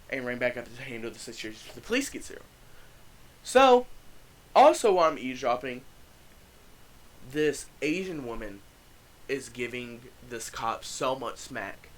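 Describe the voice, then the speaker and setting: A young man casually telling a wild story on his channel, cursing freely and swinging between hushed and loud moments. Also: mid-range voice. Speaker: vlogger.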